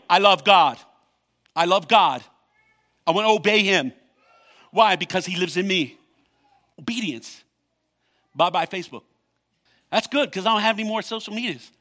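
Bright, high-voiced preaching man. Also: lively intonation. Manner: reads scripture, then comments with quick asides and laughs. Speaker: pastor. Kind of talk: sermon.

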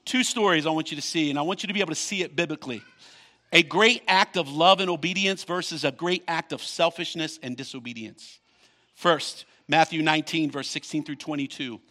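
A male pastor preaching a sermon, reading scripture aloud and breaking in with quick comments of his own. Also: fairly high pitch, bright, forceful tone. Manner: reads scripture, then comments with quick asides and laughs.

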